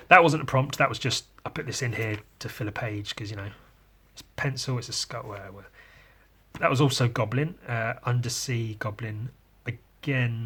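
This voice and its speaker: Male host, casual and crude, rambling jokes at a middle pitch. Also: a bit bright, breathy edge. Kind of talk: casual chat.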